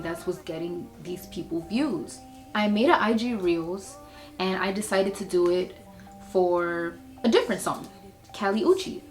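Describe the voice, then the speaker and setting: A young woman speaks straight to her viewers in a loose, confessional vlog style. Her voice sits at an ordinary middle pitch, and she drifts between thoughtful asides and bursts of excitement. Soft music plays faintly behind her. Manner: candid, chatty, swings between reflective and excited. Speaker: beauty and lifestyle creator. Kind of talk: casual vlog monologue.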